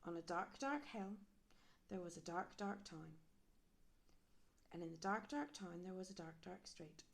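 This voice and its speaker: A woman reading a children's picture book aloud, animated and adding sound effects and questions for young listeners. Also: fairly low pitch, measured pace, gravelly.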